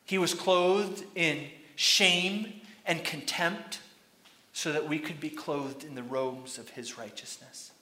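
A man preaching a sermon, retelling a story dramatically and shouting out the crowd's lines. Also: on the high side, steady tone, slow, echoey room.

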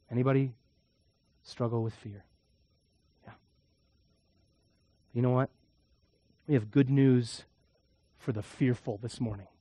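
A man preaching a sermon as a pastor, telling a story and shifting from hushed, quiet moments to loud, emphatic ones. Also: on the high side, dry recording.

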